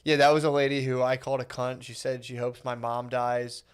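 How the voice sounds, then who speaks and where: A man's voice: mid-range voice, level tone, brisk, clear, resonant tone. A man in his thirties co-hosting a podcast, telling crude stories about street arguments and acting out the quotes. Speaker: podcast co-host. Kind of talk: casual podcast banter.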